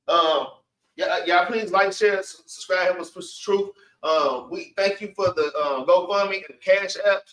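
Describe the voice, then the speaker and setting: A man's voice: sits high, bright, forceful tone. A man teaching a Bible class, giving emphatic spoken commentary on scripture and keeping the readings going. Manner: emphatic, calls everyone man, urges reading on. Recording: echoey room, far from the mic.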